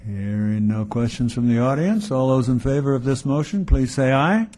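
A man chairing a city committee meeting, briskly reading agenda items and calling votes. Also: mid-range voice, animated, dark tone, a little hiss or hum. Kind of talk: formal meeting procedure.

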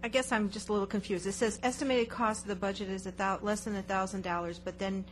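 A woman's voice: mid-range voice, fairly even intonation, quick pace, a little hiss or hum. Polite, hesitant woman alderman. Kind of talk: committee questions.

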